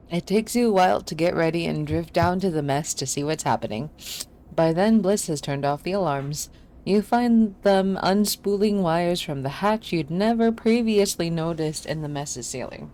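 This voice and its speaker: Low-voiced woman streaming a game. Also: moderate pace, darkish tone, a little hiss or hum. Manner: casual, self-deprecating, laughs often. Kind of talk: playing a game and reading its text aloud.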